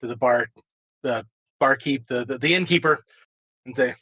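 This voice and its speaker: A man's voice: medium pitch, moderate pace, sharp tone, lo-fi sound. A man playing a tabletop game, describing his character's actions in a laid-back, amused way. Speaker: player. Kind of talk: casual tabletop play.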